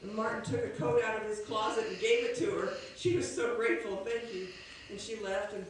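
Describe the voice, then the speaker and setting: A woman retelling a classic tale aloud in an unhurried, homespun way, recorded in an echoey room from a distance. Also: a little high, fairly even intonation, slight background noise. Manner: unhurried, homespun, with small restarts. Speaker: storyteller. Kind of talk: oral storytelling of a classic tale. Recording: echoey room from far off, faint ambience.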